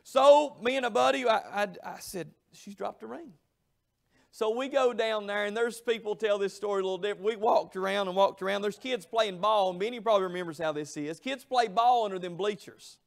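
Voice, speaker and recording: A middle-aged man, preaching a revival sermon in a church, telling a story with emphatic, drawn-out phrases. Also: high voice, gravelly. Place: church sanctuary.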